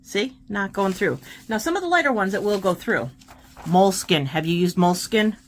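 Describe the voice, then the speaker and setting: A woman's voice: medium pitch, animated, normal speed, slight background noise. A woman hosting a casual art tutorial, chatting and encouraging while she demonstrates paint pens.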